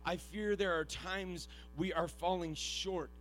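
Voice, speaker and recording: A man preaching a sermon. He is earnest and self-deprecating, and he swings from hushed, halting storytelling to loud, shouted exhortation. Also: sits high, steady tone, soft background music.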